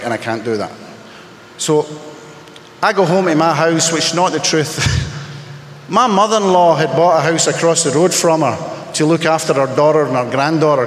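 A man sharing his personal story in a candid, emotional, halting way, speaking as a testimony to a gathered audience. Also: fairly high pitch. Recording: echoey hall with long reverb.

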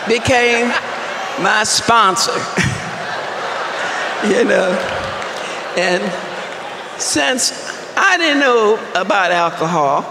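Slow wry woman in an echoing hall. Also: fairly high pitch, background noise. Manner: wry humorous storytelling, slow and deliberate. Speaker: speaker sharing recovery story at a fellowship meeting. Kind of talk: personal testimony talk. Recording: echoey hall with long reverb and faint room ambience.

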